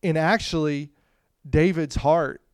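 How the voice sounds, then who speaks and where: Smooth-voiced man preaching a sermon. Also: a little high, slow pace, no echo, clean studio sound. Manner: animated, swings from hushed to loud; frequent "you know" asides. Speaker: pastor. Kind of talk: conversational sermon.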